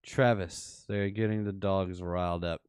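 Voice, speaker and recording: A man with a Memphis Southern accent giving casual live commentary over trading charts, rambling and thinking aloud with excited asides. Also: low voice, measured pace, smooth, no room sound, studio quality. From Memphis, Tennessee. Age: adult father. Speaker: crypto streamer.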